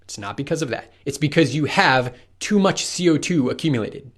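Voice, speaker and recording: A man's voice: a little high, expressive, a little fast. A man explaining running science to the viewer in a loose, conversational coaching talk, asking rhetorical questions.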